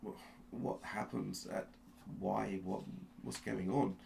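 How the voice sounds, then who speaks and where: A man narrating a tabletop game as game master, telling the story slowly and with suspense, often restarting his sentences. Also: lowish voice, fairly even intonation, creaky, a little mellow, slight background noise. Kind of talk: dramatic second-person narration of a tabletop game.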